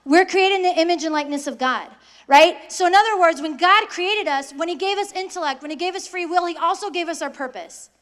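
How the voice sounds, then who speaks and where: A young adult woman gives a lively faith talk to high school students, speaking fairly quickly. She poses questions to them and acts out the voices she quotes.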